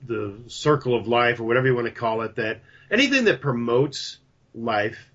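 A chatty man talks easily as a podcast guest, mid-pitched and casual, with a pitchman's bounce. His voice comes through a dull, slightly lo-fi recording. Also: animated, normal speed, a bit bright. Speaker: podcast guest, coffee company founder. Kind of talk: casual interview talk. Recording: dull lo-fi sound.

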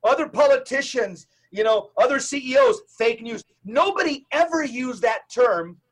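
A middle-aged man, a Catholic evangelist, speaking as a podcast guest in an emphatic, preacher-like way with rapid lists and repetitions. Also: very high voice, a bit bright.

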